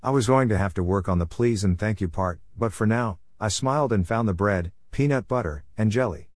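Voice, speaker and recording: A man narrating a storybook in a steady, plain reading voice. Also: fairly low pitch, fairly quick, few pauses, dry recording, studio quality.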